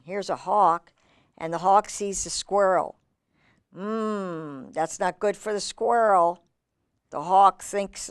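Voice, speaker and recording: A woman reading a picture book aloud to children, animated and exclamatory with chatty asides. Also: medium pitch, slow pace, clean tone, no echo, clean studio sound. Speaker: children's storyteller.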